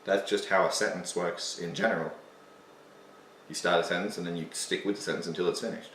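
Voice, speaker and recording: A man's voice: low voice, fairly even intonation, brisk, a bit bright, reverberant, recorded from a distance, slight background noise. A man hosting a casual, self-mocking commentary on his own old video, sarcastic and swearing freely.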